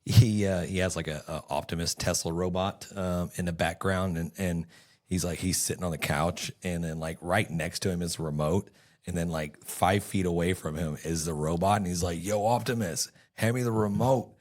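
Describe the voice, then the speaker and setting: A man's voice: deep voice, fairly even intonation, moderate pace. A Texan man co-hosting a podcast, telling rambling stories in casual chat. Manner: rambling storyteller, puts on voices for jokes. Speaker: podcast co-host.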